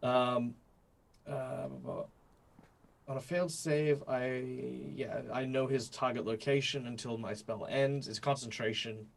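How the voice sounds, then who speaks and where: A man's voice: medium pitch, steady tone, a little slow, rough recording. A man playing a tabletop game, rambling and correcting himself as he explains his moves. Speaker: player.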